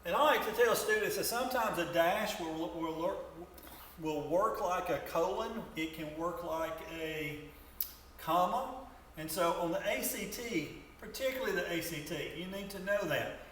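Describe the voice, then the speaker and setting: A male teacher giving a grammar lesson to students, talking in a halting way and often repeating words as he explains. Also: high-pitched, fairly bright tone. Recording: echoey room from far off, faint noise.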